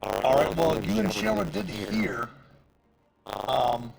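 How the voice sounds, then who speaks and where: A man's voice: a little high, very animated, slow pace, creaky, over a noisy crowd, rough recording. A man narrating as game master in casual, filler-heavy speech. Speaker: dungeon master.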